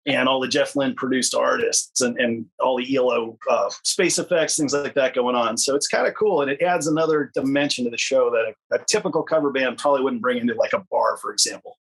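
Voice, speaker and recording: A man's voice: medium pitch, brisk, vocal fry, few pauses, slightly rough, low-quality recording. A man, a guest musician on a podcast, explaining things in a friendly, articulate way. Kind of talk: podcast interview.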